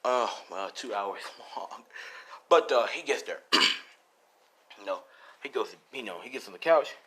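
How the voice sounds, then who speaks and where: A man's voice: fairly low pitch, lively intonation, unhurried, a bit bright, a little hiss or hum. A young man casually improvising a story, rambling with lots of "like" and "you know".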